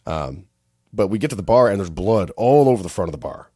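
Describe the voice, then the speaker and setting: A Canadian man co-hosting a podcast, telling travel stories in casual chat and acting out other people's lines in high voices. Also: a little fast, no echo, clean studio sound. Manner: animated storyteller, acts out quotes in high voices. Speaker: podcast co-host.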